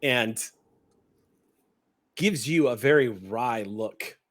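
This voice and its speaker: A man's voice: medium pitch, extremely slow, a bit bright. A man narrating a tabletop horror game as game master, vivid and easy to laugh.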